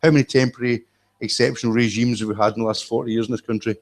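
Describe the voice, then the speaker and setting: A man's voice: medium pitch, steady tone, racing. A man giving a live lecture-style talk at an event, blunt and emphatic with profane asides. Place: event room with an audience.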